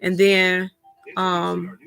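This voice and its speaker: A woman's voice: lowish voice, completely flat delivery, extremely slow, gravelly, a bit bright, faint music behind. A middle-aged woman chatting casually with viewers during a live stream, telling a long personal story in a talkative, colloquial way.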